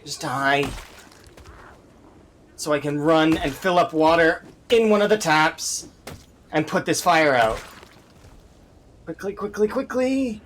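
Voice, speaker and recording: A man's voice: on the high side, slow pace, long pauses, a bit bright, a little hiss or hum. A man streaming a survival game, talking to himself with exasperated running commentary as he plays. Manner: exasperated, talks to himself while playing. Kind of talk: live gameplay commentary.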